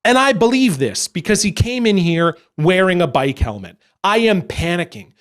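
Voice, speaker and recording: A young man telling a story as a stand-up comedian, animated and acting out other people along the way. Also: high-pitched, normal speed.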